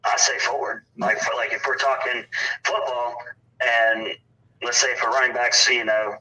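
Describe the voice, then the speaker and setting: A man's voice: medium pitch, little pitch movement, moderate pace, sharp tone, husky. A man with a Southern US accent, co-hosting by phone in a casual chat, blunt and profane. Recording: distant tinny phone line.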